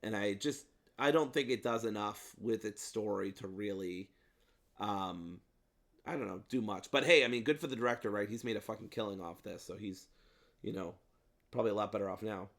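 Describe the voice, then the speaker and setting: A man's voice: on the low side, fairly quick, a bit bright. Rambling casual man reviewing movies. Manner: rambling, frequent ums, playful swearing. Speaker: podcast co-host.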